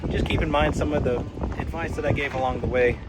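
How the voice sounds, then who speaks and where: A man's voice: medium pitch, fairly even intonation, fast talker, heavy background noise. A man hosting a hiking vlog outdoors, chatty and joking, out of breath as he narrates. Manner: chatty, joking, explains his muscles in plain terms. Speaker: vlog host. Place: outdoor park trail.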